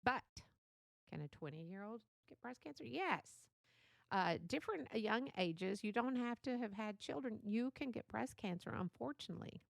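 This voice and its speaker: A woman's voice: fairly high pitch, expressive, moderate pace, vocal fry, no echo. An older woman hosting a solo podcast, chatty and motherly, laughing often as she talks. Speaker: podcast host. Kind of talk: casual solo podcast talk.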